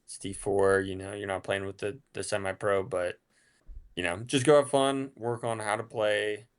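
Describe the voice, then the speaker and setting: A man's voice: on the low side, fairly even intonation, normal speed, clean tone. A young adult man as a podcast guest, chatting in a laid-back, joking way that trails off mid-thought. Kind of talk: casual podcast chat.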